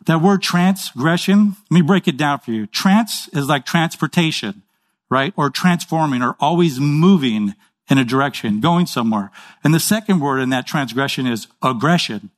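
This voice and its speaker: A pastor with a fairly high, expressive voice preaches a sermon conversationally, checking in with his listeners. He acts out short dialogues in quick voices.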